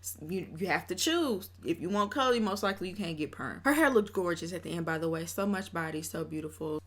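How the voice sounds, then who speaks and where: A woman vlogger talking through her casual commentary in a chatty, opinionated way, often breaking into laughs. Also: lowish voice.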